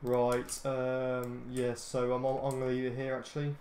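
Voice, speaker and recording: A man's voice: medium pitch, monotone, measured pace, a little mellow, slight background noise. A British man hosting a gaming channel, giving casual gameplay commentary full of ums and restarts, easily irritated and grumbling. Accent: British English. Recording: roomy echoey home recording.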